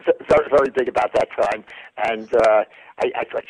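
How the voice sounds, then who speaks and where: Husky older man telling stories. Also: on the low side, dry recording, rough recording. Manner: halting anecdotal storyteller. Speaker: guest, former news reporter. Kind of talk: storytelling interview.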